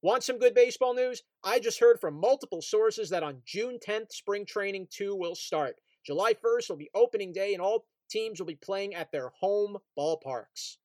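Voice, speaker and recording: A man's voice: high voice, expressive, moderate pace, few pauses, darkish tone, dry recording. Upbeat man chatting sports, dry close sound. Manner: reads out news items, laughs easily. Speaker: podcast co-host. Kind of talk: casual sports chat.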